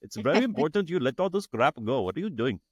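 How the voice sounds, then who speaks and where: A man's voice: mid-range voice, big pitch swings, fast, husky, no room sound, clean studio sound. A man imitating a blunt older female guru with a thick Indian accent, scolding and emphatic.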